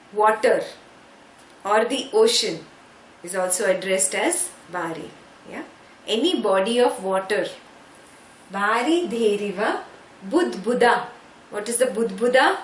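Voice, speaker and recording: With a medium-pitched, animated voice, a female spiritual teacher patiently explains Sanskrit terms in her scripture class, moving slowly and asking "yeah?" often to check understanding. Sound is echoey with faint background noise.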